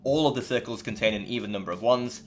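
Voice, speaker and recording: Man calmly explaining math step by step. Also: medium pitch, quick pace. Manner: clear, methodical explaining with dry asides. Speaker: math educator and channel host. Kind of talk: scripted explanatory narration.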